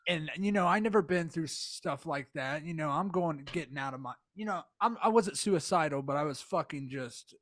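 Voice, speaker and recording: Loud, profane man on a dry mic. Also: on the high side, moderate pace, hardly any pauses, dry recording. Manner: loud, profane interjections and laughter. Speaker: podcast co-host. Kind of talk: casual chat.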